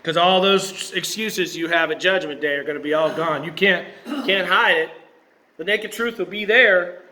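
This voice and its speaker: A man's voice: sits high, moderate pace, sharp tone. A man preaching a sermon in a conversational way, tossing in rhetorical questions. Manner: conversational, with rhetorical asides and self-corrections.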